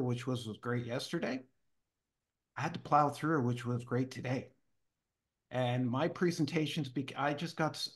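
Male guest, mid pitch, lively storyteller who acts out quoted voices. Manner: animated, acts out quoted dialogue. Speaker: guest speaker. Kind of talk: casual storytelling interview.

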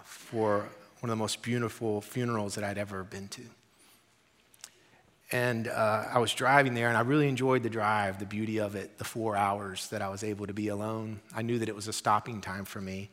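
Pastor in a reverberant hall. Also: male voice, mid-range voice, a bit bright. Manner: conversational, earnest, with quoted asides. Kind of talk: sermon. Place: church sanctuary.

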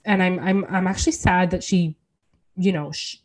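Woman podcast co-host, low-pitched, eager and opinionated, filler-heavy chat. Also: fairly even intonation, moderate pace. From Canada. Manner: enthusiastic, opinionated, many fillers.

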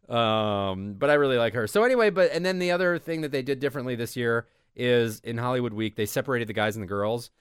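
A man co-hosting an entertainment podcast in casual chat, with a chatty, animated way of talking. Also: medium pitch, quick pace, few pauses, smooth, no room sound, clean studio sound. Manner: animated, chatty, mimics people with exaggerated voices. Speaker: podcast co-host.

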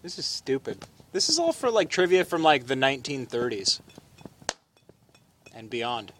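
Grumbling man with a lively voice. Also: medium pitch, normal speed, a little hiss or hum. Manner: grumbling, laughs often. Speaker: trivia player. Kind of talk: casual game chat.

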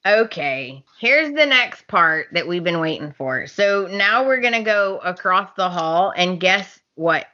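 A woman, co-hosting a podcast and recapping a soap opera in casual, animated chat, acting out characters' lines. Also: on the low side, unhurried, hardly any pauses. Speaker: podcast co-host. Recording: slightly dull lo-fi podcast audio.

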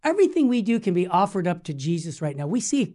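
A man's voice: high voice, big pitch swings, fast, warm tone. A man hosting a Catholic radio talk show while fighting a cold, upbeat and preachy as he speaks straight to listeners. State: has a cold.

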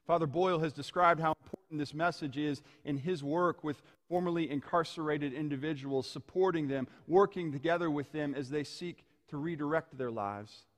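A man preaching a sermon, telling stories in a measured way and slowing down on key phrases. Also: a little high. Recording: long hall reverb.

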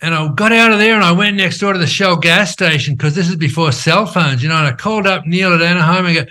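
An older man and company founder, telling his story in an animated, conversational way, checking in with "right?" as he goes. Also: sits high, fast talker. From Australia. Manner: animated storyteller who acts out quoted dialogue, frequent "right?" tags.

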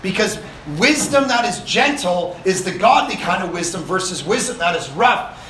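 A man preaching a sermon at a camp meeting, with a lively, conversational delivery full of rhetorical questions. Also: high-pitched, moderate pace, far from the mic, slight background noise. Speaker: pastor. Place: summer camp meeting hall. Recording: echoey room, speaker off-mic.

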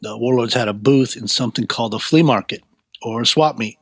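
A man, an interview guest, telling a personal story in a casual, laid-back, animated way. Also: medium pitch, brisk, husky, dry recording.

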